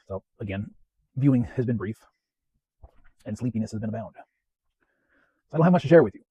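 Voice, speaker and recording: A man hosting his weekly home-media vlog in a chatty, self-deprecating way, often clearing his throat. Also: medium pitch, dark tone, no echo, dull audio. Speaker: home media collector vlogger. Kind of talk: casual rambling vlog. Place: home, West Coast of the US.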